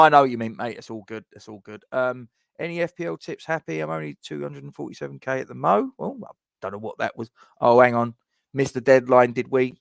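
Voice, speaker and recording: Man, London accent, fan channel host, rambling casual chat, mid pitch, dry close sound. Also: fairly bright tone, no room sound. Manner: chatty and rambling, with frequent fillers and friendly asides to viewers. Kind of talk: live-streamed casual match preview, reading viewer comments.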